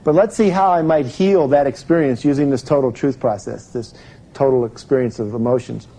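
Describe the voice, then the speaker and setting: A man's voice: mid-range voice, brisk, mellow, poor audio. A man giving a live self-help seminar, explaining step by step and putting questions to his audience.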